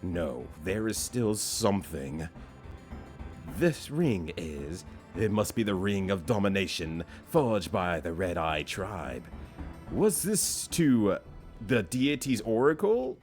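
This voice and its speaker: A man voicing a scheming male cult servant from a game, reading in a slow, low, drawn-out way. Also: very animated, a little mellow, faint music behind, full character voice. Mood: solemn. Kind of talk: reading game dialogue aloud.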